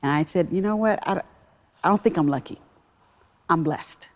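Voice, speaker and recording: Low-voiced woman telling a story. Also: moderate pace. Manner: emphatic, animated storytelling. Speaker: guest, business executive. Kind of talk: personal storytelling.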